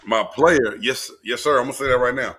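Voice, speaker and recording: A man co-hosting a casual sports talk show, excitable and prone to shouting when worked up. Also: medium pitch, brisk, breathy edge. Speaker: co-host.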